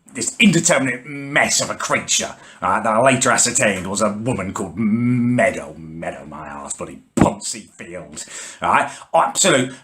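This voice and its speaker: A man's voice: on the low side, pushed and bright. A man ranting to camera as a comedy vlogger, exasperated, indignant and full of swearing. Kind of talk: comic rant to camera.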